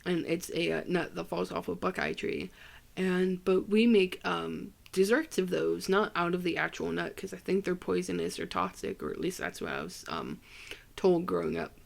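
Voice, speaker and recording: A young podcast host from Ohio talks in a loose, rambling solo monologue. The voice has a Midwestern American accent and a gravelly fry, and it sits at a middling pitch. The host often jokes at their own expense. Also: normal speed. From Ohio, USA. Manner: rambling, joking and self-deprecating.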